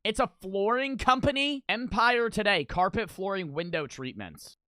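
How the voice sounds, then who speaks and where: Loud, swearing young man reacting. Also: high voice, expressive, moderate pace, dry recording. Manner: loud, swears a lot, rants. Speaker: streamer reacting to old commercials. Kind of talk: casual reaction commentary.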